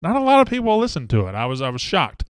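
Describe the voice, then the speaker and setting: A man's voice: fairly high pitch, wildly swooping pitch, quick pace, clean tone, no echo, studio quality. A man, hosting a casual live sports talk show and greeting viewers by name and hometown. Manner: chatty, reads out viewer names and hometowns.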